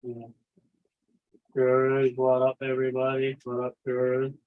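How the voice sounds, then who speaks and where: A man's voice: medium pitch, completely flat delivery, a little slow. Male stream host, loose rambling talk full of swearing, reads chat aloud; tinny phone-like audio. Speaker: livestream host. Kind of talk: casual livestream chat.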